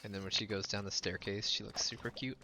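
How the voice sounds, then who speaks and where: A man's voice: lowish voice, little pitch movement, quick pace, bright, forceful tone, soft background music. A man casually chatting with his viewers during a live game stream, rambling with lots of "like" and laughing often. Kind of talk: casual live-stream chat while playing.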